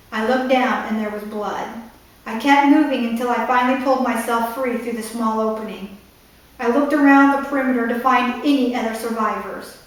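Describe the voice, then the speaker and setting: Woman author reading aloud in an echoey room. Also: fairly high pitch. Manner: breaks off to explain the story in asides. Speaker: author reading her novel. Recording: echoey room, distant mic.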